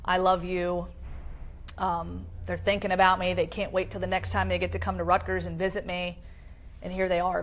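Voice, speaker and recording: Earnest woman telling a personal story. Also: gravelly. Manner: earnest, halting storytelling with many fillers. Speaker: interview guest. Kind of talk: personal story in a recorded live interview. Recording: low-quality live-stream video.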